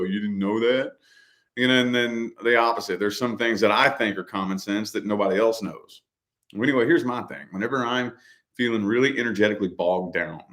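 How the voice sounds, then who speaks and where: Relaxed slangy man, casual chat. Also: on the low side. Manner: loose, repetitive, slangy, says dude and man. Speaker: podcast co-host.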